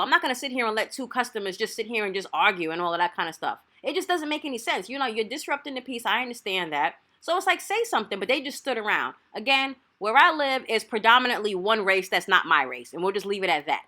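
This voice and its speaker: Animated New woman, lively bright voice. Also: fairly high pitch, fast talker, few pauses. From New York. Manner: animated, chatty, gets loud and hyped. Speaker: hair vlogger. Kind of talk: casual storytelling while styling hair.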